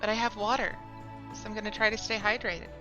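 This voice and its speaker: A woman's voice: medium pitch, flat delivery, fast talker, muffled recording, music in the background. A woman streamer giving casual, rambling commentary while playing a game, often correcting herself mid-sentence. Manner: chatty, rambling, self-correcting.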